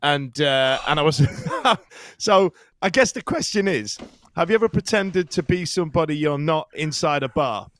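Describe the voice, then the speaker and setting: A man's voice: a little high, normal speed, fairly bright tone. A man hosting a casual chat, rambling through a story with many fillers.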